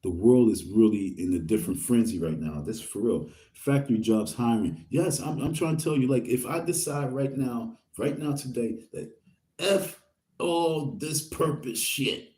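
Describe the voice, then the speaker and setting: A man's voice: mid-range voice, expressive, moderate pace, few pauses, dark tone. A man from Queens, rambling through a story in street slang and reading viewer comments to his audience. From Queens, New York. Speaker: vlogger.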